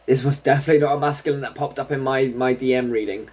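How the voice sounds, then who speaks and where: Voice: medium pitch, expressive, fairly quick. A tarot reader giving a casual solo reading, chatting and thinking aloud while drawing cards.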